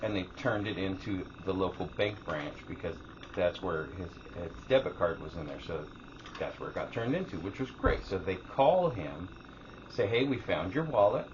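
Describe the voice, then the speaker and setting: A man's voice: deep voice, normal speed. Swearing man telling a story, lo-fi. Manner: animated storyteller, acts out quotes, swears freely. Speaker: podcast co-host. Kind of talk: casual chat. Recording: dull lo-fi sound with faint hiss.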